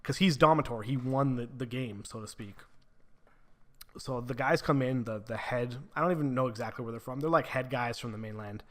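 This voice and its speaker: A man's voice: mid-range voice, brisk, fairly bright tone. Casual, foul-mouthed man reviewing a book. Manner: casual, swears freely, many filler "like"s.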